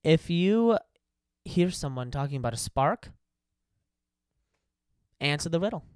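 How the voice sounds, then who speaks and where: Man, podcast co-host, lively storyteller, acts out quotes, dry close sound. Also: on the high side, unhurried, smooth, no room sound. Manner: animated storyteller acting out quotes. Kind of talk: casual storytelling chat.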